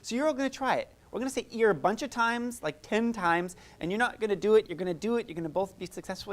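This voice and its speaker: A woman's voice: mid-range voice, animated, quick pace, few pauses. A woman music therapist teaching a group, chatty and encouraging, demonstrating vocal sounds and laughing often. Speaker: music therapist leading a workshop.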